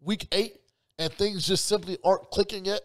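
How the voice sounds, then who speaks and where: Brief: high-pitched man, heated podcast co-host, loud and profane, talks over everyone. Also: steady tone, moderate pace. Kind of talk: heated casual debate.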